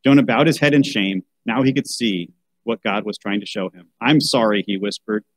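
Reading a children's Bible story aloud, this podcast host interrupts himself with wry remarks and a rant on how these books should be selected. His voice sits fairly low at normal speed, captured without echo in a low-quality recording.

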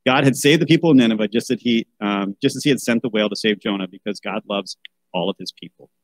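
A man's voice: fairly low pitch, fast talker, dry recording, poor audio. A man reading a children's Bible story aloud, breaking off for wry asides and a rant about how such books should be chosen. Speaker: podcast host.

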